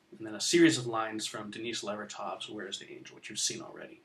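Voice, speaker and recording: A man lectures on poetry in a casual, teasing tone. His voice is bright and cuts through. He stresses words sharply as he reads lines aloud. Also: on the low side, fast talker, hardly any pauses. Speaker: poetry teacher. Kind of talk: recorded lecture.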